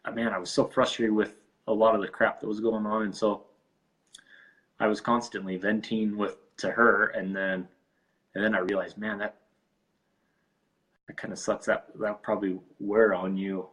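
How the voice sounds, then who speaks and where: A man joining his wife's talk as a guest, speaking in a loose, halting, casual way. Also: on the low side, level tone, fairly bright tone, poor audio. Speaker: guest, her husband. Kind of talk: casual chat.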